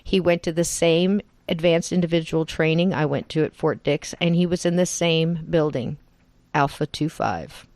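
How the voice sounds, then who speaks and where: Chatty host from New Jersey. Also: female voice, deep voice, normal speed, no room sound. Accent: New Jersey with a Southern tinge. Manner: warm, chatty, laughs often. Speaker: podcast host. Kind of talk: casual interview chat. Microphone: remote call.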